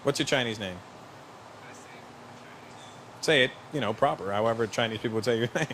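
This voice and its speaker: A man's voice: medium pitch, a little fast. A man performing stand-up, teasing an audience member with playful crowd work. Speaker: stand-up comedian. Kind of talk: stand-up routine. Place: comedy stage before a live audience. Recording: live show with loud crowd and noise.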